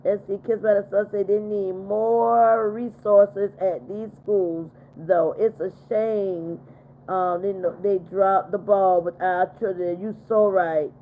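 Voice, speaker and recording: A woman's voice: mid-range voice, slow pace, slight background noise. Indignant grandmother on a tinny livestream. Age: older. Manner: animated, indignant storytelling with lots of emphasis. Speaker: livestream host. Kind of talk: casual livestream chat reading viewer comments. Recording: tinny phone-like audio.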